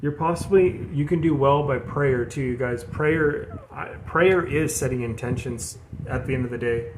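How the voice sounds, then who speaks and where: A man's voice: medium pitch, moderate pace. A man giving a casual spiritual tarot reading, earnest and rambling, often repeating himself and calling his viewers "you guys". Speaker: tarot reader. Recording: echoey room with background noise.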